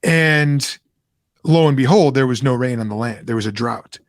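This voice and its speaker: Man, podcast host, animated Bible storytelling, casual chat, mid-pitched voice, dry close sound. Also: moderate pace, no room sound. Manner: animated storyteller, many restarts and asides. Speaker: podcast host, former pastor. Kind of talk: casual Bible talk answering a question.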